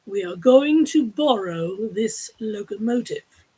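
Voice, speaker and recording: Woman reads a daring young man, firm and decisive, with a husky tone, for a storybook reading. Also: medium pitch, lively intonation, slow pace, warm tone, pitched below the performer's own voice, rough recording. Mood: resolute. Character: bold determined young man Ben.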